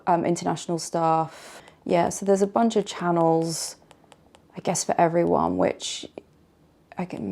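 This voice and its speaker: A young English woman chatting playfully through a hotel room tour vlog, dropping into quiet murmured asides. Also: medium pitch, creaky. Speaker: vlogger.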